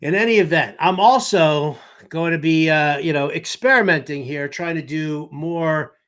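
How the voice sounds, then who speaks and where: A man's voice: a little high, normal speed, a bit bright. A man in his mid-fifties hosting a fantasy baseball podcast, rambling, joking and cursing freely in casual chat. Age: 50s. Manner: rambling, jokey, curses freely. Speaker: podcast host.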